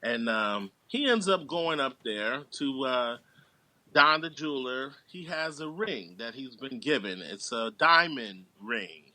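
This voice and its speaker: A man talking through a film's plot in a casual chat, telling it with animated, character-quoting energy. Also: medium pitch, a little slow, no echo. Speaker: guest actor and writer. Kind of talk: casual movie review chat.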